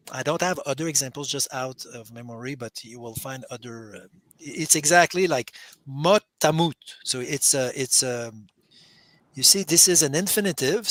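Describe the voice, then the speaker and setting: Bright-voiced man, animated explainer. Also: mid-range voice. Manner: animated, explanatory, with frequent restarts. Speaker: guest explaining Hebrew scripture. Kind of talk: casual discussion.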